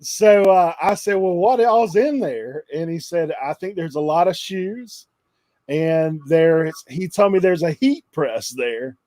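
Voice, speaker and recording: A man's voice: on the high side, animated, takes it slowly, darkish tone, dry recording. A middle-aged man, a guest, telling a story in a chatty way and laughing through it. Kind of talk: casual storytelling.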